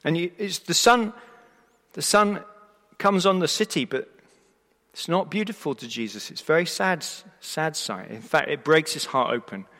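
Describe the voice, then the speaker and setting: A man's voice: a little high, moderate pace. Emphatic male preacher in a reverberant hall. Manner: expressive, emphatic with rhetorical questions and restarts. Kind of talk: sermon. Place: church or hall before a live congregation. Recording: long reverb of a large hall.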